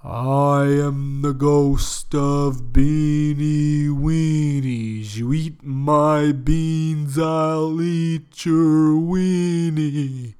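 A man voicing a menacing male ghost that comes out of a can of beans, speaking in slow, drawn-out proclamations. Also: fairly high pitch, steady tone, warm tone, smooth, pitched above the performer's own voice. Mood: booming.

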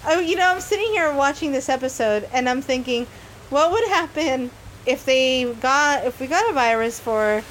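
A woman's voice: sits high, lively intonation, normal speed, fairly bright tone, a little hiss or hum, poor audio. A woman co-hosting a podcast in casual chat outdoors in a backyard. She talks frankly, swears freely and breaks off laughing. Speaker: podcast co-host. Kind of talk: casual chat recapping a TV episode. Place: outdoors in a backyard with dogs, recording socially distant.

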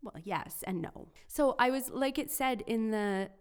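A woman's voice: on the high side, unhurried, clean tone. A woman co-hosting a youth faith podcast. She chats casually and tells personal stories, dropping "like" and "you know" all through. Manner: chatty, fills speech with "like" and "you know".

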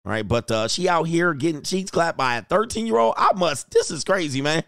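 A young man giving casual, crude reaction commentary, loud and animated, laughing often. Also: on the high side, fairly quick, vocal fry, dry recording, clean studio sound.

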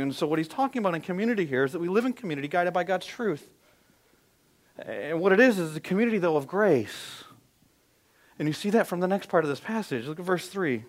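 A man in his thirties preaches a sermon, his voice sitting a little higher than most men's. He tells stories with animated swings, dropping low and quiet and then climbing loud. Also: a little fast, pauses often. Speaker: pastor.

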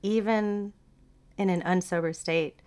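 A woman telling a story in casual chat as a guest, lively and laughing, acting out what people said. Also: medium pitch, unhurried, clean tone. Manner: animated, laughing, acts out quotes.

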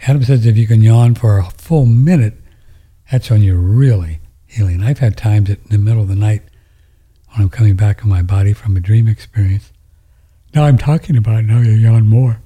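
A man's voice: lowish voice, a little fast, mellow, slightly rough. A man hosting a show and answering viewer questions in a rambling, casual monologue, often trailing off into near-whispers. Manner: rambling, with frequent restarts and drops into near-whispers.

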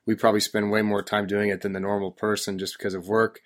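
A man's voice: fairly low pitch, level tone, quick pace. A man hosting a podcast, ranting in an exasperated, joking way. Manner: ranting, exasperated complaining with laughs. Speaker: podcast host. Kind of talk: casual chat.

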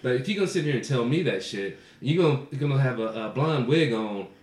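A man's voice: medium pitch, animated, quick pace, a little mellow. A man co-hosting a podcast, telling stories in casual chat, swearing freely and laughing often. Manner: profane, laughs often through his stories. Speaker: podcast co-host. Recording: roomy echo.

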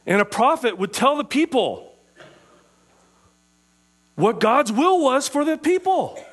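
High-pitched male preacher, interactive teaching sermon, quizzes the room, stretches out key phrases. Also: sing-song, fairly bright tone, slightly rough. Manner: asks the listeners questions, slows down on key phrases.

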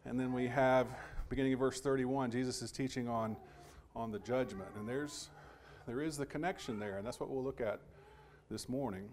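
A man delivers a Sunday sermon at a mid-range pitch. He talks in a measured, halting way, often restarting phrases, and reads scripture passages aloud. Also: background noise. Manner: measured, with frequent restarts and pauses. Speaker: preacher.

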